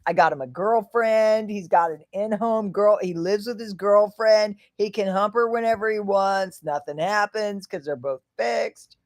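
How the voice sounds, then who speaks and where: A woman's voice: mid-range voice, unhurried, few pauses. Rambling, laughing woman on a livestream. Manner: rambling, laughs often, swings from hushed to loud and excited. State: a little tipsy. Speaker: livestream host. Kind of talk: casual livestream chat.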